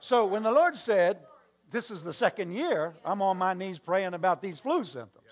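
A man preaching from the pulpit in a voice pitched a little higher than most men's. He tells his story by acting out both sides of the conversation and breaks off to toss questions and asides to the congregation. The delivery is a pastor's sermon storytelling. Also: lively intonation, normal speed. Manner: storytelling with acted-out dialogue and call-and-response asides.

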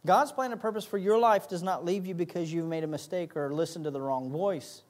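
A man's voice: sits high, brisk. A man pastor preaching a sermon, emphatic, repeating key phrases and acting out little asides.

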